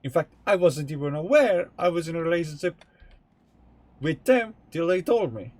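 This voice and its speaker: Playing a truck game on a live stream from home, a young man talks casually, rambling frankly and cursing freely as he thinks out loud. His voice is on the high side, expressive and darkish in tone, at a moderate pace.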